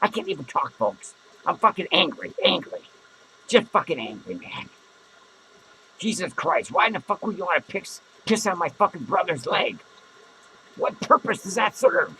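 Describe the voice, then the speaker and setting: A drunk, hot-tempered clown, as a man puts him on, slurring and rambling in a high, gravelly voice that swings wildly up and down. The tone is bright and edgy, with shrill cackles breaking through the comedy monologue. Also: very animated, moderate pace, slight background noise, exaggerated voice, poor audio. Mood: indignant ranting. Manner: slurring, rambling, swearing constantly. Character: drunken foul-mouthed adult male clown, hot-tempered. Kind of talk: improvised character comedy monologue.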